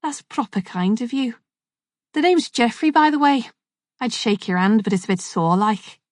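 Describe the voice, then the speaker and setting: A woman's voice: fairly high pitch, animated, normal speed, no echo, clean studio sound, voice pushed up, close to an everyday voice. A woman doing a chatty Scouse man. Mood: friendly. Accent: Liverpool. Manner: chatty and matey, groaning. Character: injured middle-aged Liverpool man, chatty, friendly.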